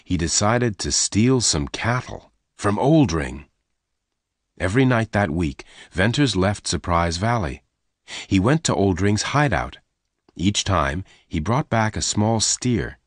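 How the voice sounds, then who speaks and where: A man narrating a simple story for English learners in short, clear sentences. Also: low voice, no echo. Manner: simple, evenly paced sentences.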